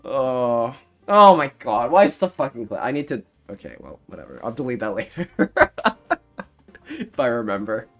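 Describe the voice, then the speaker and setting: A man's voice: mid-range voice, sing-song, moderate pace, vocal fry, fairly bright tone, faint music behind. A young man streaming live, chatting casually in a rambling, self-mocking way and laughing often. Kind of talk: casual livestream chat.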